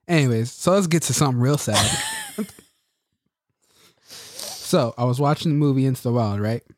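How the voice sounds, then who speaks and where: Joking man, lively pitch. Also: moderate pace. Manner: jokey, acts out quotes in a raised voice. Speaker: podcast co-host. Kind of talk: casual chat.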